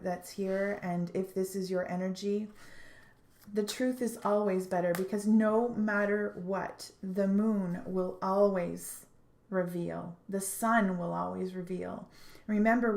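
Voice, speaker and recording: A woman's voice: mid-range voice, darkish tone. Earnest woman giving a tarot reading, echoey room. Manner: earnest, halting, with many restarts and fillers. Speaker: tarot reader.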